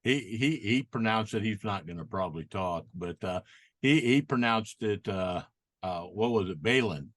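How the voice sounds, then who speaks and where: Male host on a video call, low voice, dry sound, easygoing moderator. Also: normal speed, no room sound. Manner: relaxed, hesitant, many fillers. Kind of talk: casual video-call chat.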